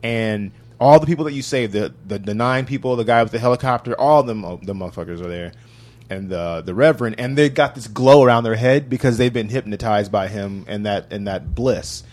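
Male podcast co-host, low voice, animated profane storyteller, casual gaming talk. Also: fairly quick.

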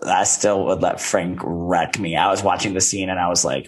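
A man's voice: low-pitched, normal speed. A man co-hosting a podcast, chatting campily and playfully about reality TV. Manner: animated and campy, playful banter. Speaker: podcast co-host. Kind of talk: casual chat recapping reality TV.

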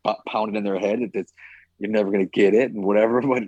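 A man's voice: fairly low pitch, steady tone, quick pace, darkish tone, no echo, muffled recording. A man who trains fighters, chatting casually on a podcast, rambling and swearing now and then with lots of "like" and "you know".

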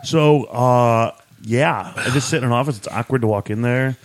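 Casting: male podcast co-host, mid-pitched voice, loose rambling delivery, jokey. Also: normal speed, very noisy. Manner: joking, rambling with filler words. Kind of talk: casual banter.

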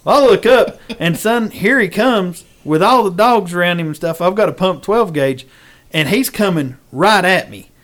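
A man tells a story in a lively rural drawl, now and then calling his listeners "son". His voice sits a bit high for a man. He hosts a relaxed, casual chat. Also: normal speed.

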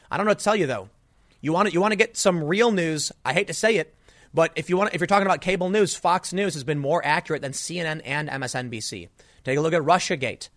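In a solo political rant, an exasperated man stumbles through restarts as his frustration spills over. His voice is a little high for a man and a bit bright, recorded close and dry with no room sound.

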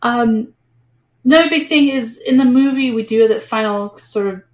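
A woman co-hosting a podcast in casual book-club chat, talking loosely with lots of "like" and acting out characters in quick asides. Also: a little high, darkish tone. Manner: chatty, peppered with "like", acts out characters. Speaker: podcast co-host. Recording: echoey room.

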